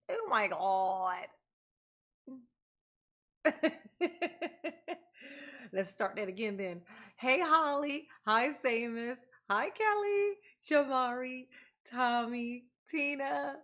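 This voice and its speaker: A woman's voice: a little high, gravelly, fairly bright tone. A woman hosting a livestream, greeting viewers by name in casual, playful chat and laughing often. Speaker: livestream host.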